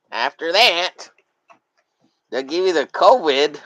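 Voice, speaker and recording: A man's voice: a little high, a bit bright, no room sound, poor audio. A man hosting a casual live drawing stream. He rambles profanely and laughs at his own jokes.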